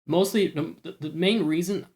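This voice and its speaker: A man's voice: a little high, normal speed, darkish tone. A man with a Scottish accent chatting casually on a live stream, rambling, swearing freely and joking at his own expense. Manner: rambling, sweary, self-mocking.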